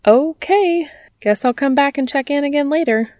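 A woman's voice: high-pitched, normal speed, a little mellow, dry recording, studio quality, voice pushed up, natural voice. A woman reading aloud voicing a teasing young woman in a raised, lighter voice.

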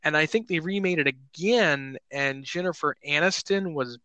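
Male podcast co-host, high-pitched, excitable rambler, dry close recording. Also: normal speed, dry recording. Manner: rambling, excitable, laughs often. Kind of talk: casual chat.

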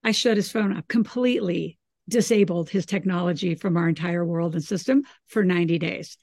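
A middle-aged woman with a gravelly edge to her voice talks in a casual, animated podcast chat. She tells stories with energy and acts out her family's lines. The sound is close and dry, with no room around it. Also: lowish voice, brisk, no echo. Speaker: podcast host.

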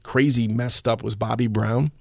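A man hosting his own podcast in casual chat, rambling and animated, with lots of fillers and the odd curse. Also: mid-range voice, normal speed, creaky, no room sound, clean studio sound. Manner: rambling, animated storyteller with frequent fillers and profanity. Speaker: podcast host.

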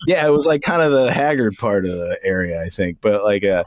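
A young man co-hosting a podcast, chatting casually and telling animated stories, saying "dude" a lot. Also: fairly low pitch, fairly quick, no room sound, clean studio sound. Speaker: podcast co-host. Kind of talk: casual chat.

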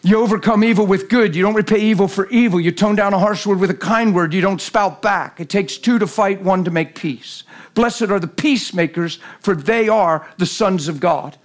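A man preaching a sermon at a church service, animated and telling stories, acting out the voices in them and swinging from loud to hushed. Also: sits high, normal speed. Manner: acts out voices in his stories. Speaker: guest preacher. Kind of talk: sermon with storytelling.

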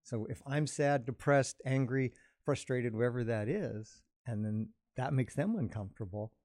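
A man talking calmly in a casual conversation, explaining his ideas at length in a reflective way. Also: mid-range voice, normal speed, dry recording, studio quality. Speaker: podcast co-host.

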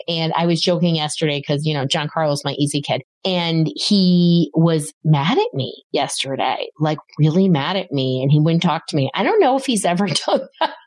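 A middle-aged woman talks through parenting advice in an animated, storytelling way, slipping into quoted voices as she goes. Her voice sits a little low for a woman. The sound is dry and close, with no room around it. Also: no room sound. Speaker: podcast host, parenting expert. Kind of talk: conversational advice talk.

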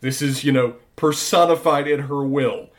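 Male podcast co-host, analytical and measured, middle pitch. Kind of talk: casual recap chat.

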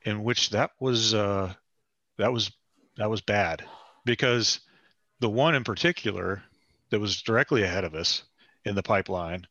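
Low-voiced man on a dull dry line. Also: normal speed, pauses often, sharp tone, no echo. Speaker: guest. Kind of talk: casual conversation.

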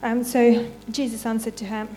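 Woman, church testimony, casual and unpolished, laughs a lot, slightly high voice. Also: little pitch movement, moderate pace, mellow, a little hiss or hum. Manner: chatty and unpolished, laughs often. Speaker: church member giving testimony. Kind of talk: informal testimony with scripture reading.

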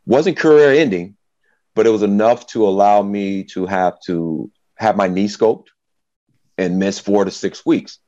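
Man, middle-aged, very low voice, storytelling guest, animated quotes, dull dry recording. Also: measured pace, dry recording. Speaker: former football player guest. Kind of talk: storytelling interview.

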